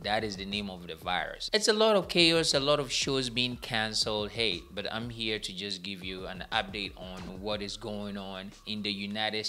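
Bright-voiced chatty man hosting. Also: fairly low pitch. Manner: chatty, rambling, self-correcting. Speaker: entertainment news host. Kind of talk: casual entertainment update. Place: small studio.

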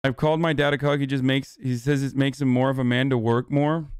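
A man's voice: medium pitch, little pitch movement, a little fast, clear, resonant tone, no room sound, studio quality. A young man streaming live, answering chat questions in a casual, heated, profane rant.

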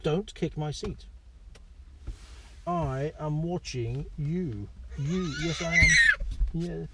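Father, casual vlog, playful and coaxing with his toddler, unhurried delivery. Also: on the high side, noisy background. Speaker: father vlogger. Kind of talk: casual family vlog chat.

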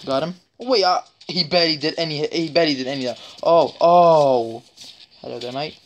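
A woman's voice: sits low, fairly quick, muffled recording. A woman giving casual, jokey commentary while playing a mobile shooter, trash-talking opponents and letting out sudden yelps. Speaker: mobile game streamer. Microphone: phone screen recorder. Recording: noisy phone recording with tapping clicks.

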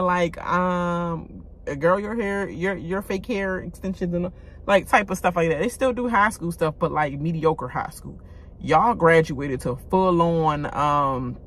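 A woman giving a blunt, casual rant about a reality show, talking straight to her viewers and swearing freely. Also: on the low side. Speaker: reality TV commentator.

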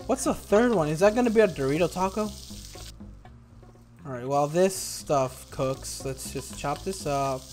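A man's voice: fairly high pitch, moderate pace, darkish tone, faint music behind. A young man hosting a gaming video, playing a cooking game and teasing the game's customers in a playful way, recorded at home on a desktop microphone. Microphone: desktop USB microphone.

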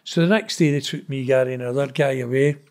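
Here a middle-aged man from Glasgow, Scotland, is an interview guest telling casual stories at a quick pace, his medium-pitched voice a little mellow. He's rambling, blunt and sweary, often saying "know what I mean".

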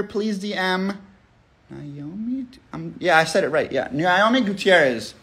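A man's voice: sits high, expressive, unhurried, fairly bright tone. A young man hosting a phone livestream raffle, talking in a loose, profane, rambling way full of slang and pep talk. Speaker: livestream host running a raffle. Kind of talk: casual livestream chat.

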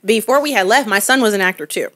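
A middle-aged woman, a guest actress, chatting in an interview and telling stories with lively acted-out voices and frequent laughter. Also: mid-range voice, fast talker. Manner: animated storyteller, acts out voices, laughs often. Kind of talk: casual interview chat.

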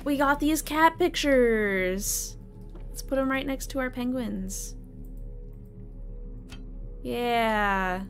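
A woman's voice: on the high side, very slow, pauses often, faint music behind. A young adult woman from New England chatting casually as she plays a game live and talks to her chat, laughing often. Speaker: streamer. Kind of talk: live gameplay commentary.

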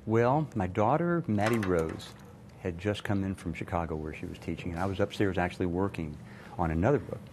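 An older man, a retired doctor, telling a personal story in an earnest, measured way as a TV interview guest. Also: sits low, noisy background.

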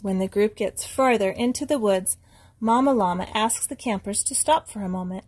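A woman's voice: medium pitch, moderate pace, husky. Woman reading a picture book to children. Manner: animated, child-directed storytelling. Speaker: preschool teacher. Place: inside a small tent.

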